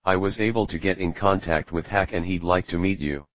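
A man's voice: sits low, fairly quick, no room sound, highs cut off, lightly acted. A man reading the lines of a polite, formal fishman sailor in a storybook reading. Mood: calm.

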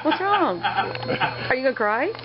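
Woman, high and drawn out, fussing over a puppy; muffled home-video sound. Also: very animated, heavy background noise. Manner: slow, doting talk to a puppy. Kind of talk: casual home video chat.

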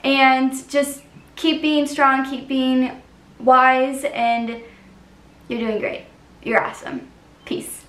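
A woman's voice: high-pitched, flat delivery, slow pace, long pauses, a bit bright, slight background noise. Earnest woman artist, roomy distant sound. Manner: earnest, encouraging, frequent "like" fillers. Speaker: artist, channel host. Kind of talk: casual vlog talk to camera.

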